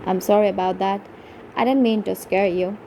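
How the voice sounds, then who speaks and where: A woman's voice: mid-range voice, level tone, mellow, a little hiss or hum, close to an everyday voice, low-quality recording. A woman voicing a confident, teasing young Irish man who speaks in a lilting, sing-song way in an audiobook. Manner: lilting, sing-song lines delivered slowly.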